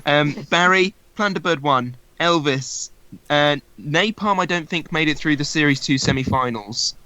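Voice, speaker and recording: A man taking part in an online quiz among friends. His voice is bright and a little high, and he reads out his answers with dry, joking asides. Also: normal speed, no room sound, rough recording. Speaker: quiz contestant. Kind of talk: casual chat on a video call.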